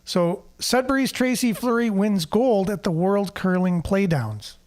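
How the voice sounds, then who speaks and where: A man's voice: sits high, expressive, a little slow, darkish tone. A man hosting a casual local news show, chatting and reading the news aloud with asides and fillers. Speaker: host.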